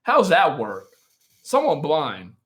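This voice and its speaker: A man's voice: on the high side, huge pitch swings, slow pace, fairly bright tone. A man hosting a live stream, chatting casually and answering viewer questions in a joking, self-mocking, rambling way, often laughing.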